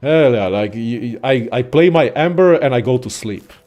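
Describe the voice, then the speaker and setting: A young man casually ranting about games in a profane, excitable, rambling way as a content creator. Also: mid-range voice, normal speed, soft background music. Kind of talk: casual gaming rant.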